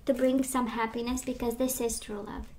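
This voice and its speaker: A woman losing her voice gives a gentle, reassuring tarot reading, talking with many fillers. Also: fairly high pitch, flat delivery, normal speed, slight background noise. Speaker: tarot reader.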